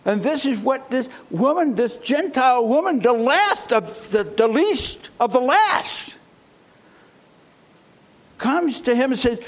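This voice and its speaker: High-voiced, unhurried male preacher. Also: animated. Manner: emphatic, with rhetorical questions. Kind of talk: sermon.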